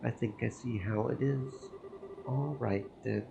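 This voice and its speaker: A man reading Kevin, a gravelly flirting priest. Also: medium pitch, steady tone, measured pace, background noise. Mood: flirty. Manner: teasing, easygoing banter. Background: game music.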